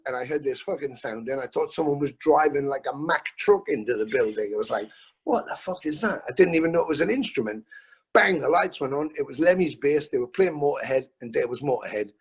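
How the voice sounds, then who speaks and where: Husky middle-aged man telling stories. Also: on the high side. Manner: animated, swears freely, stumbles and restarts. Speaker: musician guest. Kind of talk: casual storytelling interview. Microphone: video call.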